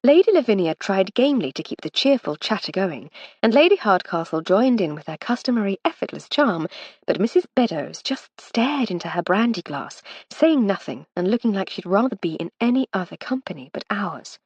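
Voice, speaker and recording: A woman narrating a cozy mystery audiobook in the first person, measured and storytelling. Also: medium pitch, sing-song, a little mellow, husky, no room sound, dull audio. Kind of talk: scripted narration.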